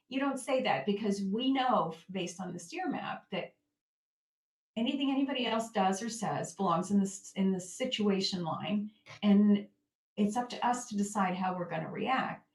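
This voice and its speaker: A woman's voice: medium pitch, lively intonation, moderate pace. Woman coaching in an echoey room. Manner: gentle, acts out her own inner thoughts. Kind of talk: reflective self-help teaching.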